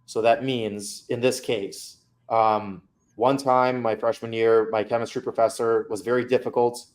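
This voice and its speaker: A man's voice: mid-range voice, little pitch movement, a little slow. A man coaching a student through feedback on her mock interview, candid and casual.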